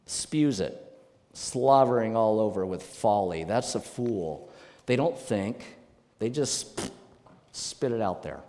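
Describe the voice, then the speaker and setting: A male pastor preaching a sermon, emphatic and animated, with sudden loud bursts. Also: mid-range voice, slow. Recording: long reverb of a church hall.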